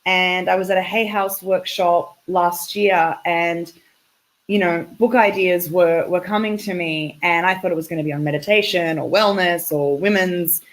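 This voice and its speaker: A woman's voice: fairly low pitch, fairly even intonation, normal speed, poor audio. An Australian woman in her thirties, a relationship coach chatting effusively as a guest over a video call. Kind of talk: casual interview over a call.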